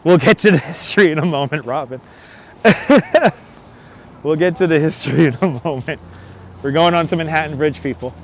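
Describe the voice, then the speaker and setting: A chatty man with a fairly high voice hosts a live walking stream across a windy city bridge. He jokes along and reads viewer comments aloud into a clip-on lapel mic. Faint traffic and subway rumble sit behind him. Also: normal speed, long pauses. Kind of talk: casual live-stream chat. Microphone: wireless lapel mic. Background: city traffic and passing subway trains.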